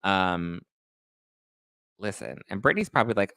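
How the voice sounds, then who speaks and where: A man's voice: low voice, animated, normal speed, long pauses, bright, forceful tone, dry recording. A man hosting a podcast, rambling through casual gossip chat full of "like" and "listen". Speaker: podcast host.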